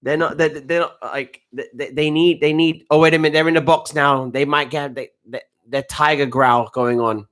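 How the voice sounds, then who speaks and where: Guy doing a football reaction stream, excitable and rambling, slangy, kinda high voice. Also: moderate pace, few pauses. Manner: excitable, rambling, with frequent restarts and slang like "bruv". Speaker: football coach and live match reaction streamer. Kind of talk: casual live match reaction and commentary.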